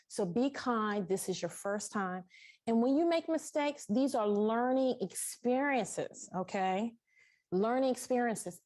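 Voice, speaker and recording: Woman sewing instructor, warm-up talk to a live class, animated, congested, echoey studio. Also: on the high side. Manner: emotional, animated, thankful. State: sinus congestion. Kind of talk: welcoming a live class before a tutorial. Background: construction noise next door.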